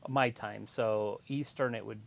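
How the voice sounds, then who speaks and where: A man's voice: lowish voice, fairly even intonation, unhurried, gravelly. A man co-hosting a casual wrestling watch-along live stream, explaining things in a rambling, matter-of-fact way.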